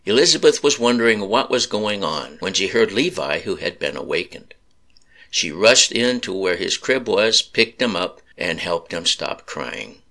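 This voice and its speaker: A man slowly narrating a sad story in a solemn reading voice. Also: sits low, sing-song, sharp tone.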